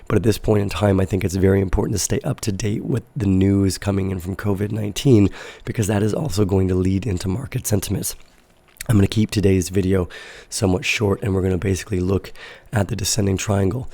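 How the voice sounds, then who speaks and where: A man hosting a casual crypto trading livestream, his voice raspy from being sick, talking in a relaxed, rambling way with fillers. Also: sits low, fast, no room sound. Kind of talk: casual livestream market analysis.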